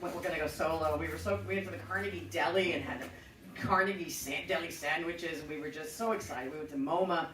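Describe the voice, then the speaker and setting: A woman's voice: low-pitched, reverberant, far from the mic, noisy background. A middle-aged woman hosting a show, telling a personal story in a chatty, profane, self-mocking way. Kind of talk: casual storytelling.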